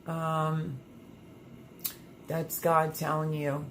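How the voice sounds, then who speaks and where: Low-voiced woman chatting on a livestream. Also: fairly even intonation, slow pace, sharp tone, a little hiss or hum. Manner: chatty, reads viewer comments aloud, many fillers. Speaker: livestream host reading chat. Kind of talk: casual livestream chat.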